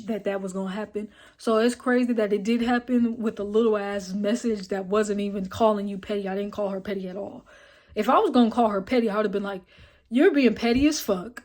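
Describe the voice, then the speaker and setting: A young woman vlogging her story in a casual, blunt and profane way. She is animated and acts out the dialogue as she retells it. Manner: retells scenes with quoted dialogue and filler like "boom, boom, boom".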